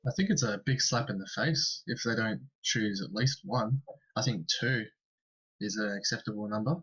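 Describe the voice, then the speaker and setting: Blunt husky Australian man. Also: on the low side, normal speed, fairly bright tone. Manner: blunt, opinionated. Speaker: podcast co-host. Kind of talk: casual podcast discussion. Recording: dull lo-fi podcast mic.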